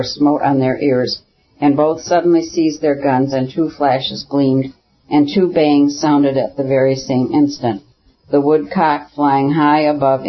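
A man narrating a classic novel as an audiobook, in a measured, even reading that keeps the characters' lines quiet. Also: medium pitch, dull audio.

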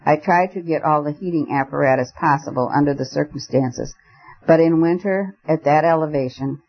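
A man's voice: a little high, normal speed, muffled recording. A man voicing a timid old male house agent who speaks in a quavering, hesitant, apologetic way. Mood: nervous.

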